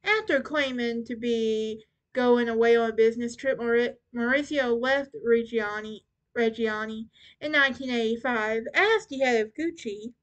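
A woman's voice: a little high, moderate pace, lo-fi sound. A young woman hosting a casual true crime podcast, chatty and often stumbling and restarting over names. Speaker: podcast host.

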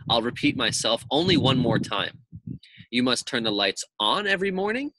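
A man's voice: medium pitch, big pitch swings, moderate pace, pushed and bright, dry recording. A man voicing a strict, exacting woman schoolteacher in a raised, emphatic voice. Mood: firm.

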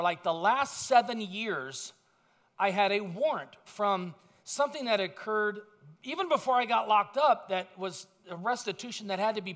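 A man's voice: sits high, fairly bright tone. A man pastor giving a sermon in a conversational storytelling way, with self-deprecating asides.

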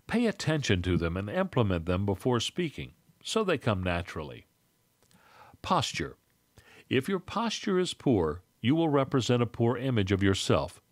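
A man reading a scripted lesson on public speaking in a measured, instructive way. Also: fairly low pitch, no room sound.

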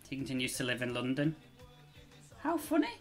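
A young man hosting a reaction video, talking in an excited, chatty, gushing way. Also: mid-range voice, fairly quick, soft background music. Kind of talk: casual reaction commentary.

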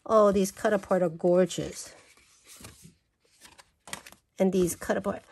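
A woman's voice: mid-range voice, fairly even intonation, a little slow, long pauses, darkish tone, a little hiss or hum. A woman vlogger gushing and exclaiming as she unboxes and flips through craft paper. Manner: gushing, exclaims over everything. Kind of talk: casual unboxing chat.

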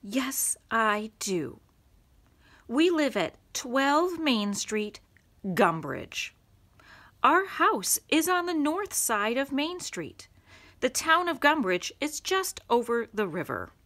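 A woman's voice: high voice, very animated, takes it slowly, a bit bright, voice pushed up, heavily acted. A woman voicing a polite, earnest young schoolboy in a children's storybook, explaining things carefully.

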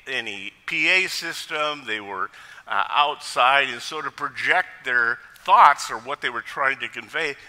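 A male pastor preaches a sermon, with lively storytelling and jokes. His voice is very bright and forceful and rises and falls a great deal. A long reverb hangs in the church sanctuary. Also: medium pitch.

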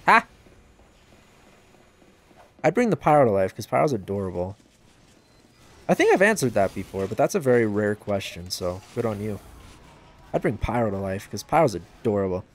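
A man casually commenting on a game livestream and reading chat aloud, joking at his own expense and yelping out loud during play. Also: fairly quick. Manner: excitable, bursts into high yelps during play; self-deprecating, joking. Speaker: gaming livestreamer.

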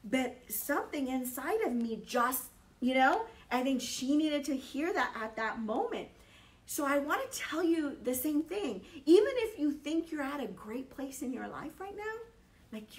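A woman teaching a Bible study, telling a personal story, lively and emphatic, often checking in with "okay?". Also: sits high, unhurried, recorded from a distance.

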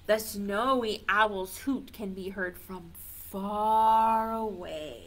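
A woman's voice: medium pitch, takes it slowly, few pauses. A woman reading a picture book aloud to toddlers as a children's librarian, playful and sing-song, coaxing the little ones to join in.

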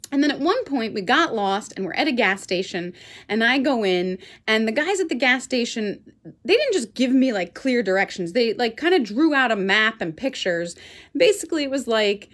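Brief: lively female Pilates instructor, high voice, chatty storytelling to a class. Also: moderate pace. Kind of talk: telling a story during a workout class.

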